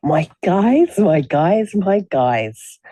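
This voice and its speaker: A giggly, squeaky party guest done by a man in a strained high voice, drawn out and slow. The tone is dark and mellow, and the sound is dry and close. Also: sing-song, no room sound, exaggerated voice. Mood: giddy.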